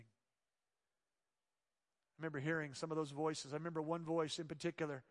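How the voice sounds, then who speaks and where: A man preaching a sermon as pastor, swinging between loud emphatic lines and hushed soft ones. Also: a little high, little pitch movement, moderate pace, pauses often, long reverb tail.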